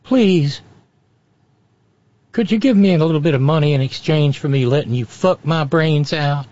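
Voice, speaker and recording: A man voicing a coy, pleading eighteenth-century woman swindler in a higher put-on voice, on slightly dull radio audio. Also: moderate pace, darkish tone, dry recording, natural voice.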